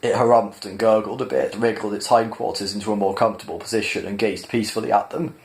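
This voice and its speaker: A man reads a science fiction novel aloud, chapter by chapter. His voice is low, and his narration is measured and plain. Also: steady tone. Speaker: reader. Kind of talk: audiobook-style storybook reading.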